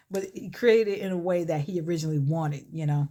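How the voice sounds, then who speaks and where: A woman vlogger reading her own short story aloud in a relaxed way while doing her makeup, chuckling and stopping to comment on it. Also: sits low, fairly quick. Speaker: vlogger and author.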